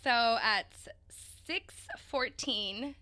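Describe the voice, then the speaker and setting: A young woman co-hosting a podcast tells her story with lively, emotional energy. Her voice is bright and a little high, and she drops casual swear words as she goes. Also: drawn-out words. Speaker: podcast co-host.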